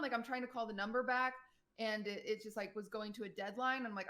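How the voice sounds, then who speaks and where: A young woman streamer telling a personal story to her chat in a casual, animated way, full of fillers and quoted voices. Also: a little high, fast talker. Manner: animated retelling, quotes people, many "like" fillers.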